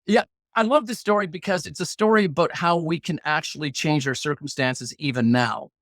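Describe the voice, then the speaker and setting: A man's voice: a little high, brisk, fairly bright tone, no echo. A middle-aged man telling a personal story as a guest in an interview, acting out the competing voices in his head. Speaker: guest, former hostage negotiator.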